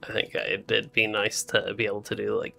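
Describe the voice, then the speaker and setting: Sleepy gravelly gaming streamer. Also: male voice, lowish voice, moderate pace. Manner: relaxed, rambling, laughs often. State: sleepy, yawning. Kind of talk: casual co-op gameplay chat.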